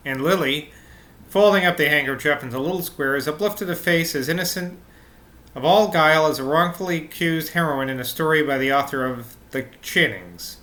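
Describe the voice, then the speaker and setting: A man's voice: a little high, moderate pace, bright, forceful tone. A man reading a classic novel aloud, breaking off now and then for irreverent, swearing asides. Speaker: audiobook reader.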